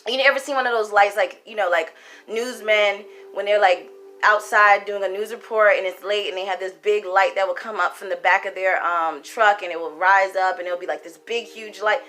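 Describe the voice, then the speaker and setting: A woman telling a story in a casual, animated, sassy way, speaking straight to the viewer. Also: mid-range voice, moderate pace. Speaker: storyteller and spiritual reader. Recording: faint background music.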